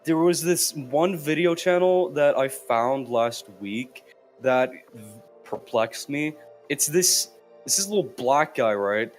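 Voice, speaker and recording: A young man with a slightly higher voice tells rambling, crude stories on a casual podcast and keeps restarting his sentences. Faint music plays underneath. He sounds like he's on a voice call. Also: lively intonation, slow pace. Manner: rambling, crude, giggly storytelling. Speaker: podcast host. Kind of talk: casual chat.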